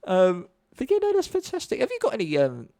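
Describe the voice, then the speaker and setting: A man chats as a podcast host, his voice a little high with a gravelly edge. He rambles, restarts and repeats words, and his pitch swings a lot as he talks. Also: huge pitch swings, a little fast, warm tone. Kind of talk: casual podcast chat.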